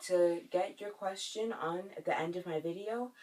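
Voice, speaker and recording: A man hosting a language lesson video. He says each phrase slowly and repeats it syllable by syllable so viewers can copy it. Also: sits high, darkish tone, recorded from a distance, low-quality recording.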